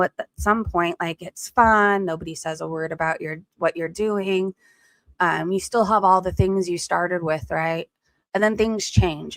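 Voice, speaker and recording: A woman's voice: medium pitch, vocal fry, fairly bright tone, dry recording. A woman hosting a casual livestream commentary, chatty and loose, with lots of "um" and "like". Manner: chatty, with frequent fillers like "um" and "like".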